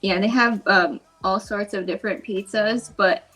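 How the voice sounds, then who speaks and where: A woman in casual chat raves about a favorite place with plenty of "like" and "um". Her voice is mid-pitched. Soft music runs underneath. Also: fairly even intonation, moderate pace, low-quality recording. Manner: enthusiastic, filler-heavy recommending.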